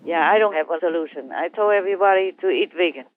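A woman speaking as a spiritual teacher, talking gently and in a rambling way with hesitations. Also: on the low side, fast talker, dry recording. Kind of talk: casual talk over a phone line. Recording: tinny phone line, dry.

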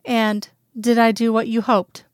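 A woman voicing a sleepy, affectionate woman lover in a storybook reading, soft and teasing. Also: fairly high pitch, little pitch movement, measured pace, clear, resonant tone, no echo, clean studio sound, natural voice. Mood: teasing, tender.

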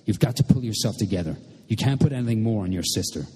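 A stern, weary young man who speaks in firm, clipped lines, as read by a male narrator. The voice is low, husky and mellow, with long hall reverb behind it. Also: animated, quick pace.

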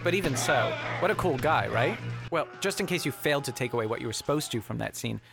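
A man reviews a bad movie with dry sarcasm. His voice has a gravelly edge, and music plays steadily underneath. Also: medium pitch, animated, fast, fairly bright tone. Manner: wry, sarcastic. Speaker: film reviewer. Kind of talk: comedic video review narration.

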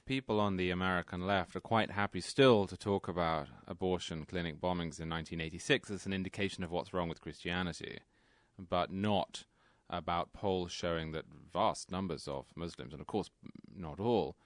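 A man, guest co-hosting a radio show, speaking in a measured, precise way. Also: low-pitched, no echo, clean studio sound. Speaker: guest co-host. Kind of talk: talk radio discussion.

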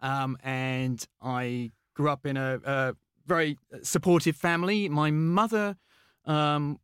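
An English-raised man as an interview guest, recounting his past with eager, animated energy and plenty of filler words and false starts. His voice sits a touch high for a man, recorded close and dry with no room sound. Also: takes it slowly, clear, resonant tone, no echo. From England. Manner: eager, animated storytelling with many fillers and restarts. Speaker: guest, mathematician. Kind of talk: conversational interview storytelling.

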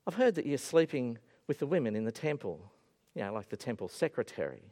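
A man voicing an old male head priest quietly reproaching his sons. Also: mid-range voice, big pitch swings, fairly quick. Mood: reproachful. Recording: echoey hall.

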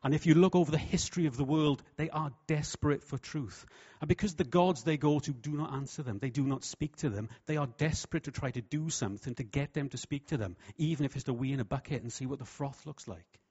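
A man preaching a sermon with humour, lively and jokey, slipping into voices for quotes. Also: on the high side, quick pace, few pauses, slightly rough. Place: church hall. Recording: dull, lo-fi sound.

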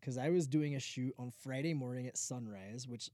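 A laid-back man talks casually, telling his story with sarcastic little asides. His voice is mellow and dark, recorded close and dry with no room sound. His pitch sits in a middle range for a man. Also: moderate pace, no room sound. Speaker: podcast co-host, drone videographer. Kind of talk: casual chat.

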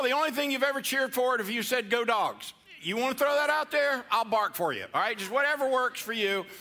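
A man's voice: high-pitched, pushed and bright. A middle-aged man preaching a playful, interactive sermon to a church congregation and coaxing them to answer back. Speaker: pastor.

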